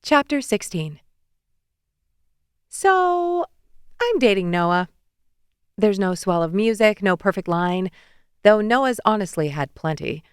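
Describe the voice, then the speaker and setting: A young woman narrating a first-person romance audiobook in a lively, wry way, recorded close in a studio booth. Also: medium pitch, smooth, no echo. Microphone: close studio mic.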